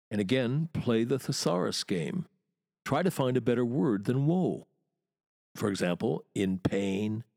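A man delivers a poetry lecture at an unhurried pace, lingering on each important word. His voice carries a gravelly rasp. The recording is close and dry, with no room sound. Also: mid-range voice, darkish tone, no echo. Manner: deliberate, emphatic, savoring key words. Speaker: literature teacher.

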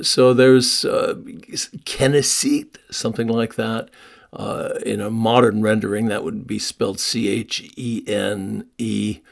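A man who guides walking tours, giving a short evening talk, speaking haltingly with many uhs and restarts and spelling words out. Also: on the low side, creaky. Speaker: London walking tour guide. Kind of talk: short nightly talk on place names.

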